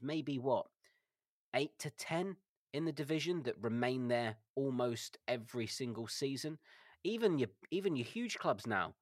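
A man's voice: medium pitch, dry recording, clean studio sound. A man co-hosting a football podcast, thoughtful and hesitant, full of fillers. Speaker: podcast co-host. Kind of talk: casual chat.

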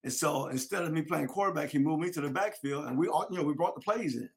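A man telling a lively story about his youth football days, acting out his old coach. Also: fairly high pitch, fast, gravelly. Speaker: former football player. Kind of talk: storytelling interview.

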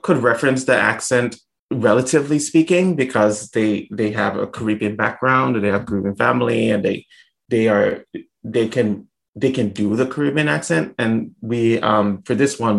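Gravelly-voiced author from St. Thomas. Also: male voice, on the low side. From St. Thomas, U.S. Virgin Islands. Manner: thoughtful, measured, with many pauses and restarts. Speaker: author and interview guest. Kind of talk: casual interview conversation.

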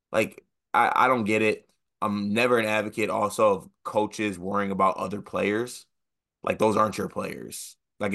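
Bright-voiced young man riffing on basketball. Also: fairly low pitch. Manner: animated, joking, mocks with put-on quotes. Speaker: podcast co-host. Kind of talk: casual sports podcast chat.

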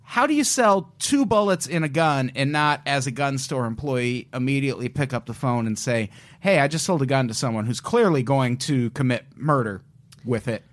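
A man's voice: mid-range voice, lively intonation, normal speed. Man co-hosting a casual crime podcast. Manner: joking, retells cases with asides. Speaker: podcast co-host. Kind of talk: casual true-crime chat.

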